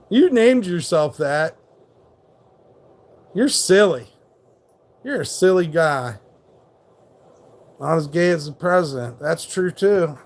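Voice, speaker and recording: Slow-talking, profanity-heavy male streamer. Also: a little high, animated. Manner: profane, rambling, mocking. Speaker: livestream host. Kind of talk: casual live-stream rant, reacting to chat.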